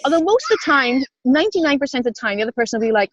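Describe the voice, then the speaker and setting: A woman's voice: sits high, sing-song, racing, hardly any pauses, fairly bright tone, dry recording, muffled recording. A woman co-hosting a podcast in casual chat, acting out quoted voices and laughing often. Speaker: podcast co-host.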